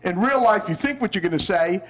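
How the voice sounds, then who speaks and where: Animated high-voiced man leading a poetry workshop. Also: brisk. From New Orleans. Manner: animated, coaxing, bursts into shouted recitation. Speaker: visiting poet leading a school workshop. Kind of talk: lively workshop with children and parents.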